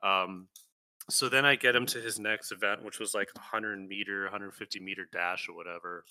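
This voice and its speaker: A man on a casual podcast telling a story, swearing freely and acting out the voices in his tale loudly. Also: on the low side, moderate pace, no echo. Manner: animated, swearing, acts out quotes loudly. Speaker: podcast co-host.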